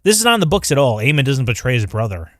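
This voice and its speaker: A man's voice: medium pitch, very animated, racing, a bit bright, no room sound, clean studio sound. Casual man rambling on a livestream. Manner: rambling, laughing, loose. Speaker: podcast co-host. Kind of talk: casual fan review chat. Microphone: livestream microphone.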